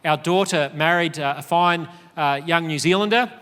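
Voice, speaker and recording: A man's voice: on the high side, normal speed, pushed and bright, in a large hall. A middle-aged Australian man giving an earnest, emphatic conference speech, with frequent fillers. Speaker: speaker. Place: large conference hall.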